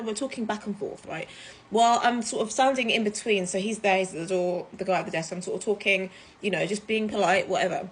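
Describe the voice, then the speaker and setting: A woman from the UK, telling a story to camera in a chatty, animated way, full of fillers. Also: mid-range voice, fast talker, a little hiss or hum. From United Kingdom. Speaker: vlogger. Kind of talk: casual storytime vlog.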